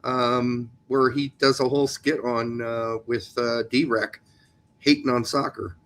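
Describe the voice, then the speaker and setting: A man's voice: medium pitch, steady tone, slow, a bit bright. A man co-hosting a soccer podcast in a casual, joking chat, teasing his co-host about pronunciations.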